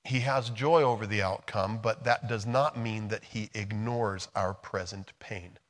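A middle-aged American man preaching a sermon, moving between quiet, soft passages and loud, emphatic storytelling. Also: lowish voice, steady tone, unhurried. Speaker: pastor.

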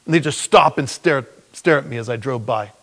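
A middle-aged pastor delivers a sermon like he's telling a story in conversation, moving along fairly quickly. He laughs now and then, and his voice turns soft and low whenever he speaks a prayer.

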